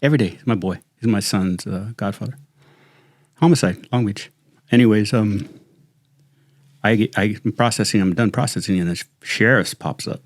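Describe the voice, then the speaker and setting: A middle-aged man, a retired sheriff's lieutenant, telling stories in a casual, animated way and saying "dude" often. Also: on the low side, moderate pace, dry recording, studio quality. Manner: animated, slangy, says "dude" constantly. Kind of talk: casual storytelling chat.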